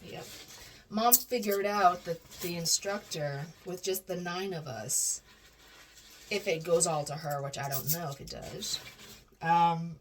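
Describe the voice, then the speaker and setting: A woman's voice: fairly low pitch, unhurried, slight background noise. A woman telling a personal story casually, rambling with frequent restarts and self-corrections.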